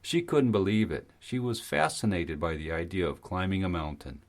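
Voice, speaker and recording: Deep-ish guy reading an audiobook, steady and even. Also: normal speed. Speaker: audiobook narrator. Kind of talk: scripted narration.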